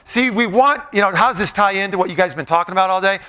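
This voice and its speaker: A man's voice: sits high, very fast, sharp tone. A middle-aged man giving a joking, playful motivational talk to a live audience, often putting questions to the crowd. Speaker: motivational speaker.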